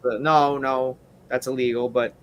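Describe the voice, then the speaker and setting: A man's voice: mid-range voice, little pitch movement, a little slow, fairly bright tone. A man telling a rambling story in a casual interview, full of fillers and asides. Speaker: wrestler guest.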